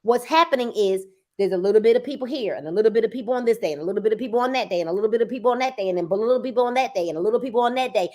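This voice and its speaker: A woman sales coach in casual motivational talk, emphatic and repeating phrases for effect, sometimes breaking into loud urging. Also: a little high, rapid-fire, hardly any pauses. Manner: bursts into loud urging at times.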